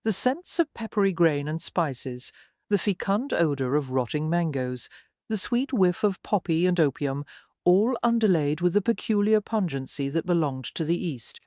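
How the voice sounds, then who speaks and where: An audiobook narrator giving a measured, even scripted reading of a romance novel. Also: mid-range voice, dry recording, studio quality.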